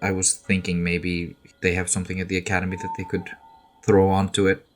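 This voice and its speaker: A man's voice: low-pitched, completely flat delivery, brisk, faint music behind. A man playing a tabletop game, casual and self-mocking. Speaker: player.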